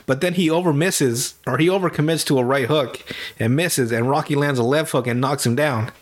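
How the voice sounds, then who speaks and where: A young man hosting a podcast who casually recaps movies, rambles and swears often. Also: medium pitch. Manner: rambling, swears often, acts out characters with quick put-on voices. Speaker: podcast host.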